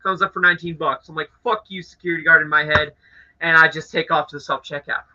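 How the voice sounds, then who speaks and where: A young man from Canada hosting a live stream, telling an annoyed story to his chat in a casual, animated way with swearing. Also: a little high, fast talker, noisy background. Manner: animated, swearing, acts out angry voices. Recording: dull lo-fi audio.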